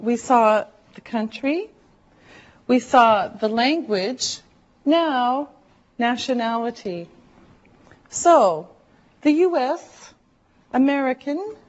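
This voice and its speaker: A woman teaching an English class, speaking slowly and deliberately and drawing out words for her learners. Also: fairly high pitch. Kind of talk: slow classroom instruction. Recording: dull lo-fi classroom recording.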